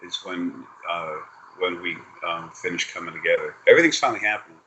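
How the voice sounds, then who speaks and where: Rambling, profane man with a low voice. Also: a little fast, sharp tone, slight background noise, rough recording. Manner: rambling and profane, with many fillers. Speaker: spiritual reader. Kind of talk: casual spiritual reading over a video call. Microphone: video call.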